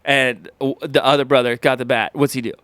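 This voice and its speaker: A man co-hosting a podcast in casual chat, an animated storyteller who acts out what people said. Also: medium pitch, fairly quick, clean tone, no echo. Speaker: podcast co-host.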